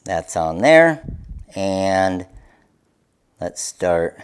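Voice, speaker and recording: A man demonstrates crafts live, explaining each step to his audience in an upbeat, hands-on way. He speaks slowly and deliberately in a smooth, mid-range voice with big pitch swings.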